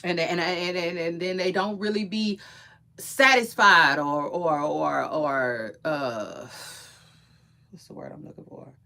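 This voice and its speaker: A woman's voice: sits low, takes it slowly, creaky, bright, forceful tone. A young adult woman chatting casually to viewers in AAVE, opinionated and rambling, often repeating words and trailing off mid-thought. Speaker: gossip and entertainment commentator.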